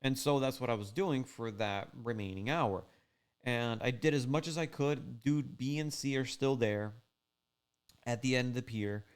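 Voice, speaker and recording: Easygoing male fishing host, loose rambling storyteller, smooth resonant tone. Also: mid-range voice, normal speed. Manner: rambling, laid-back, full of "like" and "you know". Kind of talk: casual storytelling recap.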